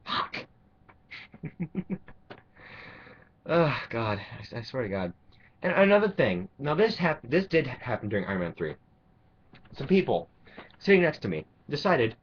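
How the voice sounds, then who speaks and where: A man's voice: medium pitch, very animated, unhurried, long pauses, breathy edge. A man delivering an angry, sarcastic, profanity-laced rant to camera, rambling with restarts. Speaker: vlogger. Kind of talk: ranting monologue. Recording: dull lo-fi recording.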